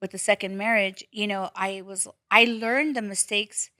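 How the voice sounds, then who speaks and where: A woman's voice: medium pitch, normal speed, dry recording, clean studio sound. A woman podcast host in casual chat, telling stories bluntly with plenty of swearing. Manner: blunt, profane, animated storytelling.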